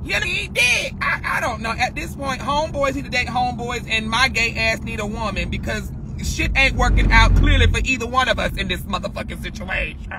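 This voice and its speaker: A man livestreaming while driving, chatting in a sassy, loud and profane way, often calling his listeners girl. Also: extremely high pitch, a little fast, hardly any pauses. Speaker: livestream host. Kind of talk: casual chat while driving. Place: inside a car on the road. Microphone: phone on a dashboard holder. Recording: car and traffic noise. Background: road and traffic noise.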